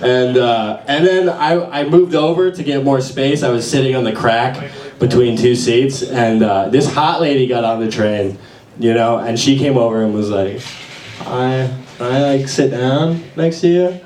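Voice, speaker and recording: A young man doing open mic stand-up in a small venue, with a halting, awkward delivery full of fillers. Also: medium pitch, darkish tone. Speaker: stand-up comedian. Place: small bar venue with audience. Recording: echoey room, voice far from mic.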